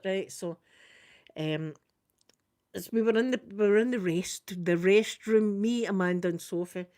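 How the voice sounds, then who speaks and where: A Scottish woman chatting casually through a makeup ASMR video, quick and soft-spoken with frequent laughter. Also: mid-range voice. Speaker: ASMR creator doing makeup.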